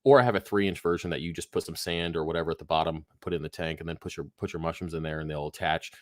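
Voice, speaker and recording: A man's voice: sits low, steady tone, racing, no echo. A man hosting a live aquarium Q&A stream, tired and phlegmy, rambling casually with lots of fillers and swearing. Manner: laid-back, rambling, swears freely, many fillers. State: tired, yawning, phlegmy throat. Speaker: aquarium livestream host. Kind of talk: casual live Q&A, reading chat questions.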